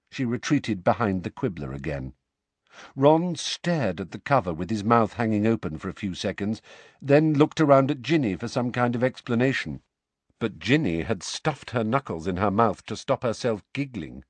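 A male audiobook narrator with a low voice and a lively, swinging delivery. He reads expressively, switching voices for each character. The recording is dry and close. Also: normal speed, slightly rough, no room sound. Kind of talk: storybook narration.

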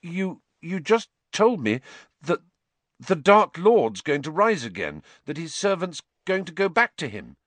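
Man playing a teen boy wizard, higher pitched, urgent and worried, pushes loud. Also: big pitch swings, moderate pace, few pauses, no room sound. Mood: urgent, uneasy. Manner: earnest and urgent. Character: earnest, anxious teenage schoolboy wizard.

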